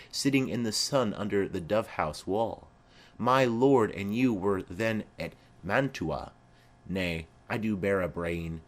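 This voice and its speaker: A man reading the part of a garrulous old female nurse who rambles on with chatty asides. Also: lowish voice.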